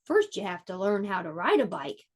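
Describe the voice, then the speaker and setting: A woman voicing a calm, patient father frog, reading a storybook aloud to children. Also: mid-range voice, normal speed, voice pushed down.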